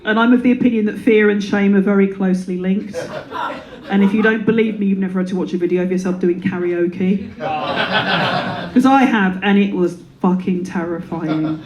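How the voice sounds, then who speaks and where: A woman's voice: mid-range voice, moderate pace, darkish tone, poor audio. A woman in her thirties performing a stand-up comedy set, playful and self-deprecating, slipping into silly voices. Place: comedy club before a live audience. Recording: live room with audience laughter.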